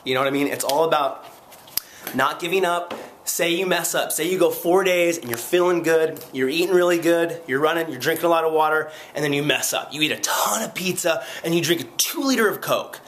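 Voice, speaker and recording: A man chatting casually to camera in a vlog, rambling and excitable, sore after a long run, poking fun at himself between plenty of fillers. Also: a little high, a little fast, a little hiss or hum. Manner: rambling, excitable, self-mocking, lots of fillers. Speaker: vlogger.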